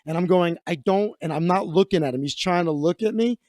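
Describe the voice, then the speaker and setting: Animated male comedian telling a story in a high voice, close dry recording. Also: quick pace, no room sound. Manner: animated, acts out the voices of the people in his story.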